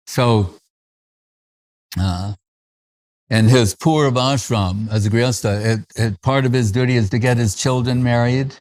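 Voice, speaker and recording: Male spiritual teacher, anecdotal festival talk, chuckling, loose fillers, mid-pitch voice. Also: a little mellow. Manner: chuckles often while recalling stories, with frequent fillers.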